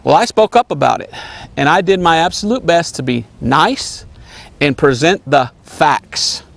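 A man preaching an earnest sermon, repeating his points and sometimes mocking name-callers in a high voice. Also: animated, measured pace, creaky, fairly bright tone. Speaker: evangelist preacher.

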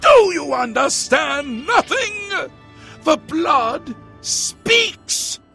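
A man's voice: very high-pitched, sing-song, extremely slow, vocal fry, sharp tone, exaggerated voice. An actor playing a solemn male prophet in a video game, declaiming warnings of an ancient sorcerer's return, with faint music behind. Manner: grave, declaiming, prophetic, chants ancient words. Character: grim old male prophet of doom, solemn.

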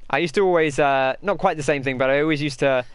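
Smooth-voiced man, dry close sound. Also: on the high side, quick pace, no echo. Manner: chatty, rambling, answers chat. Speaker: gaming host. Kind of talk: live gameplay commentary.

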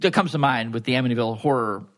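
A man from Long Island with a Long Island accent, co-hosting a podcast in casual chat with wry, deadpan humor. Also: medium pitch, very fast. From Long Island, New York. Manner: easygoing, wry, deadpan jokes. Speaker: podcast co-host, resident historian.

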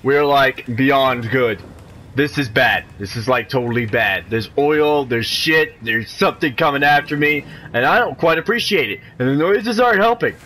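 A man's voice: medium pitch, animated, normal speed, pushed and bright, a little hiss or hum. A man giving let's-play commentary on a horror game, jumpy and nervous, swearing a lot and talking to himself in nervous rambles. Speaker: video game player.

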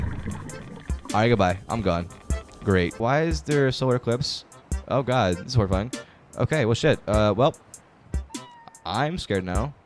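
A young man streaming gameplay, talking tiredly to himself, then shouting with excitement, with game music behind him. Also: fairly low pitch, measured pace, pauses often. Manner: excitable, swings between mumbling and shouting. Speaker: gaming streamer. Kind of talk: live-streamed gameplay commentary.

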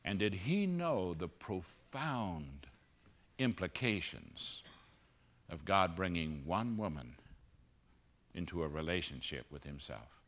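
A man preaching a sermon at a conference, moving between loud emphatic peaks and hushed low passages. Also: big pitch swings, slow pace. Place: conference auditorium.

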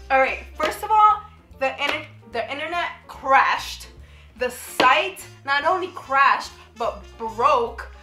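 Breathless high-voiced woman, sick, unhurried excitable vlog chatter, echoey room with music behind. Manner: excitable, chatty, coughing and sighing. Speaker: beauty vlogger. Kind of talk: casual vlog chat.

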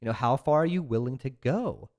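A man's voice: mid-range voice, expressive, a little fast, darkish tone. A man speaking as a guest in a casual interview, talking earnestly and reflectively about his own life. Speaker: podcast guest, business owner.

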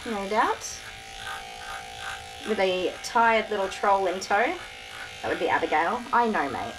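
A woman's voice: on the low side, background noise. A tired woman, a dog groomer chatting casually to the camera on a tripod while soothing a dog. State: tired, sore back. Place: grooming room. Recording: clippers buzzing behind.

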